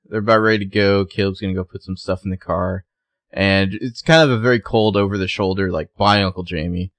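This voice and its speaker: Recapping a TV episode on a laid-back podcast, this male co-host walks through scenes and briefly voices the characters' lines. He speaks low with fairly even intonation, and the recording is dry.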